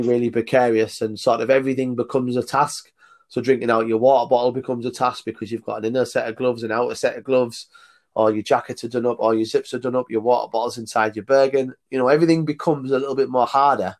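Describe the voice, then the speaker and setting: A man, a tour leader and podcast guest, telling blunt stories and laughing between his points. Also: mid-range voice. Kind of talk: casual podcast storytelling.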